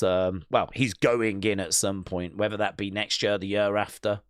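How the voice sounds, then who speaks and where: Chatty male streamer musing aloud, smooth tone, dry sound. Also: fairly low pitch, fairly even intonation, moderate pace, no echo. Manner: reads news items aloud to viewers. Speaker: wrestling stream host. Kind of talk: live watch-along commentary.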